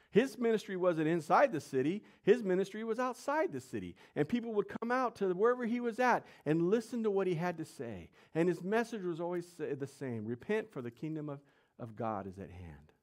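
A man preaching a sermon, telling the story in slangy, animated speech and asking his audience questions. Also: a little high.

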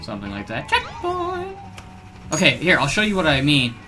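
A young man around twenty recording let's play commentary on a headset, excitable and given to loud, swearing outbursts of frustration. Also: medium pitch, quick pace. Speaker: gaming video host. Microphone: gaming headset. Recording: music playing underneath. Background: background music.

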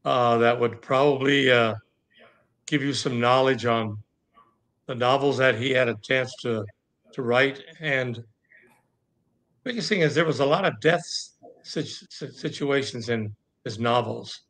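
Hesitant man pausing with fillers. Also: medium pitch, fairly bright tone. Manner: hesitant, many pauses and fillers. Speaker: guest. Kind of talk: casual answers in conversation.

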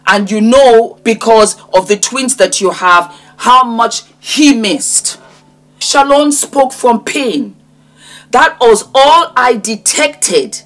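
A woman's voice: on the high side, slow pace, fairly bright tone. A woman in her fifties giving impassioned commentary, speaking straight to the person she is talking about in an emotional, preachy way. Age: 50s. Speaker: vlogger commenting on celebrity news. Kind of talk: impassioned direct-address commentary.

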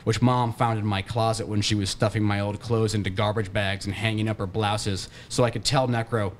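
A man, an author, reading his novel aloud at a bookshop in a steady, deadpan way. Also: lowish voice, fairly quick, few pauses.

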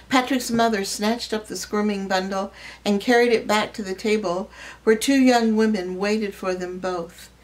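A woman reads a short story aloud in a measured, expressive way. Her voice sits at an ordinary middle pitch for a woman. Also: poor audio. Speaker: reader.

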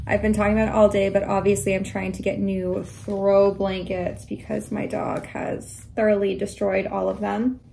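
A woman's voice: medium pitch, little pitch movement, normal speed, vocal fry, few pauses, dark tone, a little hiss or hum. A young adult woman chatting casually in a haul vlog, enthusiastic and sometimes dropping into a half-whisper. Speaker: vlogger.

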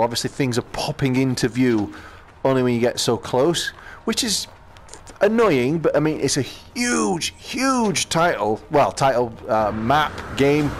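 Lively-voiced British man commenting on gameplay. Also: mid-range voice. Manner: chatty, talks to himself while playing, exclamations. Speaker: gaming channel host.

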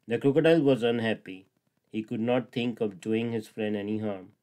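A man's voice: fairly low pitch, fairly even intonation, moderate pace, warm tone. Man narrating a children's fable. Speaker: storyteller. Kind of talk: storybook narration.

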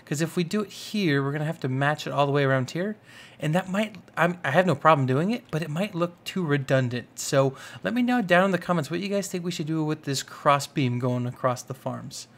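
A young man giving casual, rambling commentary over a modded block-building game, excitable and full of fillers. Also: fairly high pitch, brisk. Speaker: gaming YouTuber. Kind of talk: casual Minecraft let's play commentary.

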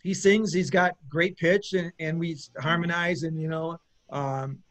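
Middle aged guy with a high voice rambling through stories as a guest, lots of restarts. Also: steady tone, measured pace, fairly bright tone. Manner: rambling, with many restarts and laughs. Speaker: guest musician. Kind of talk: casual interview chat.

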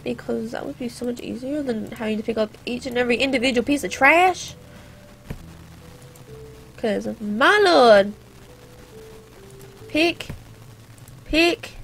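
A woman's voice: on the high side, lively intonation, a little fast, creaky, faint music behind. A teenage girl chatting through a gameplay video, rambling off on sarcastic little tangents. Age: teens. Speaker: gaming channel host. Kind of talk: casual gameplay commentary.

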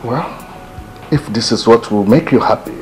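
An actor with a Nigerian accent playing a wealthy chief who speaks calmly and gently as he lets his wife go. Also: mid-range voice, normal speed, faint music behind, close to an everyday voice. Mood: resigned. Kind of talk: Nollywood film acting.

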